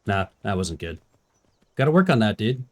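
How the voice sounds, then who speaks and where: A man's voice: lowish voice, sing-song, moderate pace. Goofy young man streaming a game. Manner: goofy, jokey, does animal noises. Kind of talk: casual gameplay commentary.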